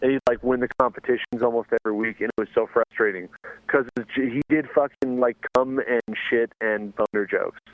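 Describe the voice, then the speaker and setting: A man's voice: medium pitch, steady tone, brisk, no echo, phone-quality sound. A man hosting a casual podcast chat as a stand-up comic, telling mocking, profane stories.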